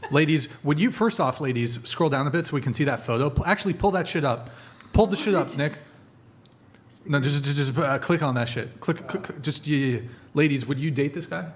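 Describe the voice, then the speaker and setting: A man's voice: fairly high pitch, brisk. A man hosting a live podcast, chatting casually and swearing freely while giving orders to his crew. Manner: loose, profane, directs the crew. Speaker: podcast host. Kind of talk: casual live-stream banter.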